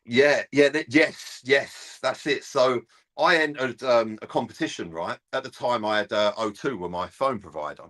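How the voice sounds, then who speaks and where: A middle-aged man telling a lively fan story in casual chat, acting out the voices of people on the phone. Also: mid-range voice, normal speed. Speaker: presenter and fan-channel regular.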